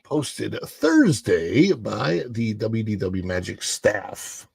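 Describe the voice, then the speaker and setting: A man's voice: lowish voice, sing-song, drawn-out words, creaky, darkish tone, husky, dry recording. A man hosting a casual livestream, chatting with his viewers and rambling between news stories. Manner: chatty, rambling, reads news aloud to chat. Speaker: livestream host.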